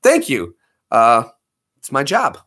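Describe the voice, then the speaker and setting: A man's voice: mid-range voice, wildly swooping pitch, slow pace, sharp tone, husky. A man streaming live, chatting casually and laughing often between impressions. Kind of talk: casual livestream chat.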